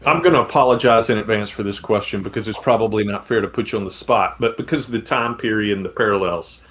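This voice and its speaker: A man's voice: on the low side, fast, fairly bright tone. A male host asking careful, apologetic questions in a casual interview over a video call.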